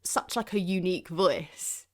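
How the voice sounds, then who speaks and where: A young woman from the UK co-hosts a casual film podcast. Her voice sits a little low, and she talks eagerly, with bursts of excitement. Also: measured pace. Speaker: podcast co-host. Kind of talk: casual chat.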